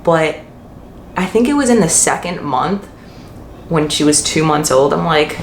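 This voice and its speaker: A young woman vlogs casually about motherhood, rambling and correcting herself as she goes. Her voice sits a little low for a woman. The sound carries the echo of a bare room with a faint hiss underneath. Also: expressive, a little slow, pauses often. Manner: chatty, frequent fillers and self-corrections. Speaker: mom vlogger. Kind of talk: casual Q&A vlog.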